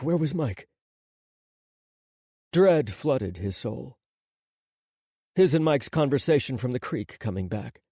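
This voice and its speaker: A man narrating an audiobook in a measured, dramatic scripted delivery on a close studio microphone. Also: medium pitch, mellow, husky, dry recording.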